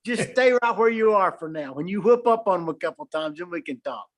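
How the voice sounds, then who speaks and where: High-voiced man chiming in. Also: expressive, brisk. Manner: encouraging, chiming in with short remarks. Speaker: video hangout participant. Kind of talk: casual group chat. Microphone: video call.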